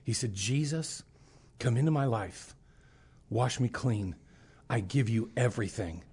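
A man's voice: medium pitch, unhurried, breathy edge. A middle-aged man, a preacher, telling a personal testimony in casual talk and acting out the voices of the people in his story. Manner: animated storyteller, acts out quoted voices.

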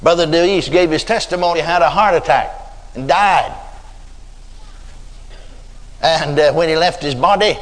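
Older preacher, folksy storyteller, fairly high voice, recorded in a big echoing hall. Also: male voice. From Texas. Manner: folksy storytelling with drawn-out emphasis. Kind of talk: sermon. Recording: reverberant hall.

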